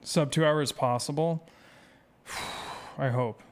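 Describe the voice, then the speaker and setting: A man's voice: fairly high pitch, fairly even intonation, slow pace. A man speedrun streamer chatting casually with his viewers, rambling and self-deprecating as he reads chat aloud.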